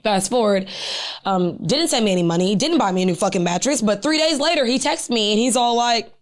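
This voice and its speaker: A young woman with a slightly high voice tells a long story on a chat podcast. She talks in an animated, profane way and keeps saying "like." Her voice is a little higher than most women's. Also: brisk. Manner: animated, profane, lots of "like" and "I'm like". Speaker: podcast co-host.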